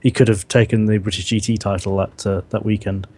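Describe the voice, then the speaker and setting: A man's voice: fairly low pitch, level tone, a little fast, darkish tone, breathy edge. A man co-commentating on a live sim race, casual and a little hesitant.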